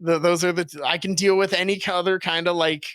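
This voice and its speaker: A man's voice: high-pitched, level tone, fast, a bit bright, smooth, dry recording. A young man telling stories in a casual podcast chat, rambling and profane and full of "like". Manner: rambling storyteller, heavy filler "like", profane.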